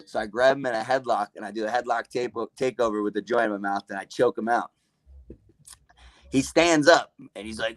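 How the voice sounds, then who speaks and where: A man's voice: medium pitch, fairly quick, no echo. A man, a guest on a podcast, telling stories in a loose, profane way and saying "dude" a lot. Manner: laid-back, profane, says "dude" a lot. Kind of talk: casual storytelling.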